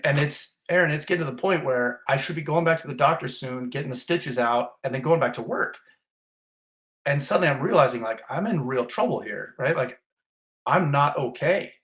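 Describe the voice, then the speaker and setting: A man of middle pitch recounts his own ordeal in a vivid, blunt, intense way. He swears now and then and piles up detail after detail. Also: a bit bright. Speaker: fire captain. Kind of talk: intense first-person retelling.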